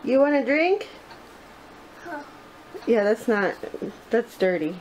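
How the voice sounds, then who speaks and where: At home indoors, a vlogging mother talks to her baby son in sing-song baby talk, laughing often. Her voice is on the high side and somewhat dark, slow, with big pitch swings, and the home video is noisy.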